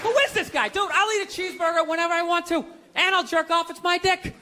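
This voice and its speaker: A man's voice: very high-pitched, steady tone, quick pace, background noise. A man doing a stand-up comedy set, ranting in a profane and incredulous way on a stage before a live audience. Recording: live broadcast with loud crowd laughter.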